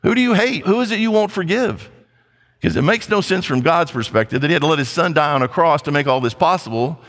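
A man's voice: fairly high pitch, expressive, quick pace, fairly bright tone. A male pastor preaching a sermon in a blunt, conversational way, with playful asides. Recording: long hall reverb.

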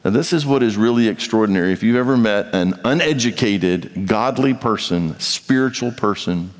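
A male pastor preaching a sermon with emphatic delivery, acting out the voices of imagined speakers. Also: fairly low pitch. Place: large church sanctuary. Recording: reverberant hall.

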